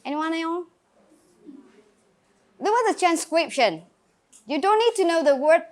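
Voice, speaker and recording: A woman with a Vietnamese accent leads an English class, her voice high and bright in pitch. She calls on students by name, drills new words and encourages them clearly. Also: expressive, a little slow. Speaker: English teacher. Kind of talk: classroom grammar lesson.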